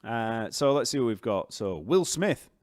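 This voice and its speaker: A man with a Yorkshire accent, a bass teacher chatting casually on a live stream, rambling and reading out viewer comments. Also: big pitch swings, unhurried, dry recording, clean studio sound. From Yorkshire, northern England.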